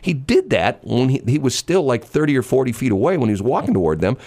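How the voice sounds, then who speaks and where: A man's voice: mid-range voice, sing-song, fast talker, creaky, darkish tone. A man hosting a casual chat, telling a long story in a rambling way with many fillers and restarts.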